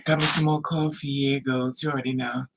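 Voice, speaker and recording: A man speaking in a confessional vlog monologue, rambling in halting restarts and repeated phrases. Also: medium pitch, flat delivery, very noisy. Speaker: vlogger.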